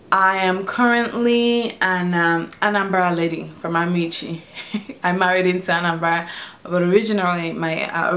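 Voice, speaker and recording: A woman's voice: on the low side, fairly bright tone. A young Nigerian woman with an Igbo background and a Nigerian accent, chatting casually at home in a tag video, giggling and often repeating herself. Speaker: vlogger.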